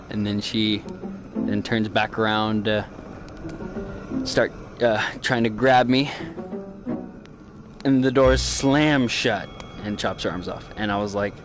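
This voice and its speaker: A young man hosting a gaming channel, rambling through a joking, swearing recap of a horror game. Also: lowish voice. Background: music.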